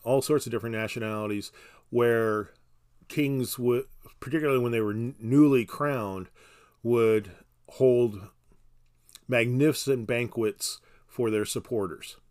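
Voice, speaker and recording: A man explaining scripture in a casual podcast conversation, halting with restarts and dry humor. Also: mid-range voice, a little mellow, clean tone. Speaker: Bible teacher. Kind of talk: casual Bible study podcast.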